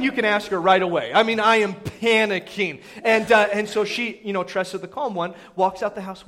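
High-voiced pastor telling a story. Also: male voice, normal speed, few pauses. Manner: animated, conversational, frequent asides to the congregation. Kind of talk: sermon storytelling.

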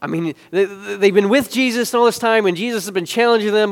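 A man preaching a sermon, building from quiet explanation to loud, emphatic peaks and back to hushed asides. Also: sits high, brisk, in a large hall. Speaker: pastor.

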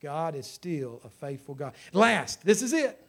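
A middle-aged pastor delivers a sermon in a fairly high voice for a man. He moves between loud, fervent exhortation and low, hushed storytelling. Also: big pitch swings, measured pace, creaky. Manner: preaching with swings from shouting to hushed storytelling.

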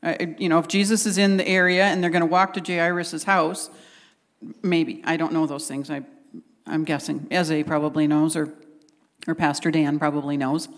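A woman's voice: low voice, normal speed. Woman preaching in a reverberant hall. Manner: conversational, animated, acts out quotes. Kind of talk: sermon.

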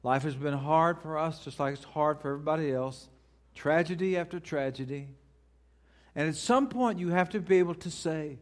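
A middle-aged man preaching a sermon as a pastor, earnest, moving between loud pleading questions and quiet, hushed prayer. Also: fairly high pitch, moderate pace. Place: church.

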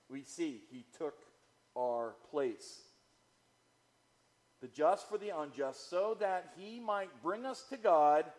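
A man preaching a sermon, slow and emphatic, repeating key phrases for weight. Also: high-pitched, darkish tone. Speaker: pastor.

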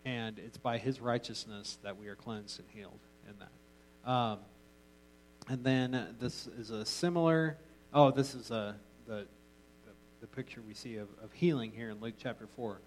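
A male Bible teacher speaking at a middle pitch in a loose, conversational way. He jokes with his listeners and often trips over and restarts his sentences. It sounds like relaxed classroom teaching rather than a formal sermon. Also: normal speed, slight background noise, low-quality recording. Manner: casual and joking, with frequent restarts.

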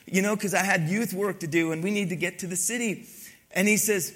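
A middle-aged male pastor preaching a sermon, telling a story with lively raised quoted lines before reading scripture. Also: high-pitched, a little fast.

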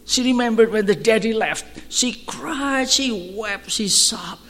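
A man preaching as a pastor, telling stories in an animated way and shouting at the high points. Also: measured pace, few pauses. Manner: animated storytelling, shouting at peaks. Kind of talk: sermon storytelling. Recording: long hall reverb.

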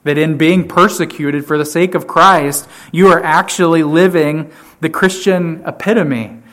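A man preaching a sermon to his church, emphatic, often repeating key phrases and swinging from loud to quiet. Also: a little high, steady tone, a little slow. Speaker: pastor.

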